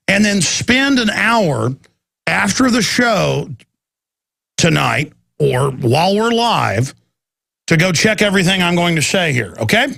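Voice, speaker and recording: A man's voice: high-pitched, creaky, fairly bright tone. A man hosting a talk radio show, ranting intensely in a combative political monologue.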